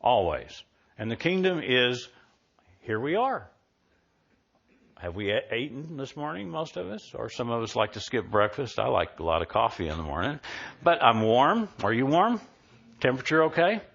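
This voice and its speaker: Male minister, mid-pitched, preaches casually to his congregation, dull church recording. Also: big pitch swings, moderate pace, creaky, fairly bright tone. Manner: conversational, asks the congregation questions. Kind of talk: live sermon. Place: church sanctuary.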